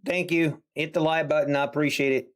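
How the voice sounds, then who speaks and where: A man's voice: a little high, little pitch movement, fairly quick. A man live-streaming his day trading, chatting casually with viewers and talking himself through trades in an exasperated, sighing way.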